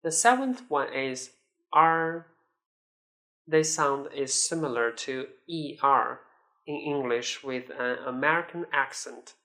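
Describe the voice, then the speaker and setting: Patient male pronunciation teacher, very slow and bright, stretches each syllable for repetition. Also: mid-range voice, lively intonation. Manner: drawn-out model syllables with exaggerated tones; patient, step-by-step explaining. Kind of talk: slow, deliberate language lesson.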